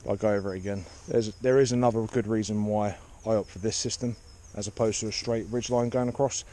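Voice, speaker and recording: A man casually explaining a camp setup outdoors in the woods, chatty and relaxed, with frequent fillers. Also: fairly low pitch, quick pace. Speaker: outdoor channel host.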